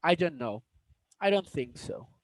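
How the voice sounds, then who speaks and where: A man voicing a tired, gentle mother who soothes her son softly at night while reading a storybook aloud. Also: a little high, big pitch swings, dry recording, poor audio. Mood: soft, tender. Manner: soft, hushed and slow.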